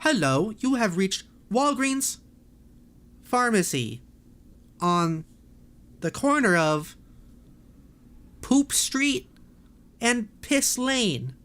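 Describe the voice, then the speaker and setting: A woman's voice: fairly high pitch, big pitch swings, very slow, long pauses, fairly bright tone, full character voice. A woman mimicking an automated pharmacy phone menu voice in a stilted, mock-cheerful way.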